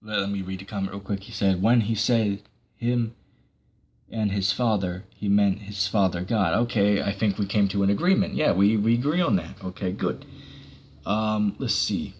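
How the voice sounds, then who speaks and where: A man's voice: on the low side, moderate pace, darkish tone, slightly rough, dull audio. A man giving a casual online sermon, rambling with many fillers and breaking into sarcastic bursts. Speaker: preacher.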